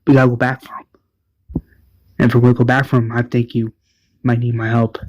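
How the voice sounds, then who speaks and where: A man's voice: mid-range voice, little pitch movement, fairly quick, a little mellow, lightly acted, poor audio. A man voicing an insistent woman fighter. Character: determined adult woman fighter.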